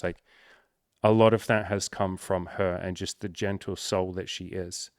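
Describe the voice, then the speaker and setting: A man's voice: sits low, fairly even intonation, normal speed, no echo. A young man speaking candidly and emotionally to camera, swearing freely and close to tears. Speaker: coach and content creator. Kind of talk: emotional personal talk to camera.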